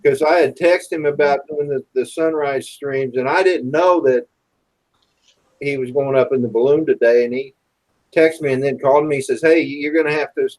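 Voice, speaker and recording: A man's voice: mid-range voice, normal speed, a little mellow, low-quality recording. Easygoing man in casual chat. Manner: easygoing, laughing along.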